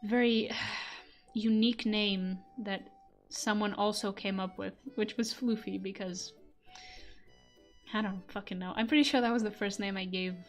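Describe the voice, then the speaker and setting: A young European woman with a mid-range voice talks loosely with her live chat, laughing often and dropping the odd curse word. She speaks into a desk mic at home. Faint music plays low under her voice. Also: fairly even intonation, moderate pace. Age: young adult. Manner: chatty, laughs often, swears casually, reads chat aloud. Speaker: streamer and voice actor. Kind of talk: casual chat stream. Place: home room. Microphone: microphone on a desk stand.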